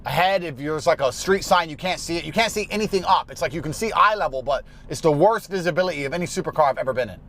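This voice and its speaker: A man's voice: fairly high pitch, expressive, fast talker, few pauses, fairly bright tone. A man ranting bluntly and profanely as he hosts a car review from inside a car while driving. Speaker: host.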